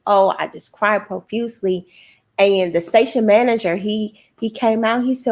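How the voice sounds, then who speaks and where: A woman's voice: medium pitch, steady tone, moderate pace, a little mellow. A middle-aged woman, a guest author, telling a personal story in casual podcast talk, acting out the voices of the people in it. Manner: emotional, testimonial storytelling with quoted voices.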